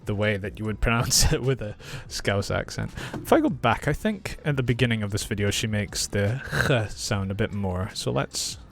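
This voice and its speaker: Clear-spoken teacher. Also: male voice, lowish voice, lively intonation, soft background music. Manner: clear, slow, explaining and repeating words. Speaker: English teacher. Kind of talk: reaction video lesson.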